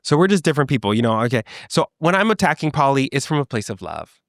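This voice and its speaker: Sassy, animated young man, dry sound. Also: mid-range voice, quick pace, dry recording. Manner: animated, sassy, reacts and jokes freely with swearing. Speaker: podcast host. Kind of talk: solo comedic podcast chat.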